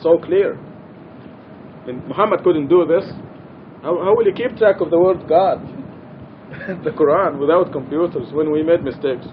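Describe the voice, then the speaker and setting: Earnest man teaching, slightly high voice. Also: a little slow, pauses often, phone-quality sound, slight background noise. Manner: earnest, emphatic, repeats key points. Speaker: Quran study teacher. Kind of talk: religious study lecture. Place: mosque.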